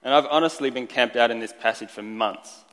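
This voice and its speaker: A man preaching a sermon in a relaxed, conversational way, joking lightly and restarting his sentences now and then. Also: medium pitch, fairly quick. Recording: long reverb of a large hall.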